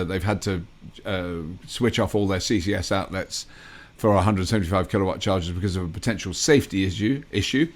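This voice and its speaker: A man co-hosting a podcast, chatting casually and agreeably, often backing his partner with "yeah". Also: fairly low pitch. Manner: conversational, agreeable, lots of yeahs. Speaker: podcast co-host. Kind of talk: casual chat.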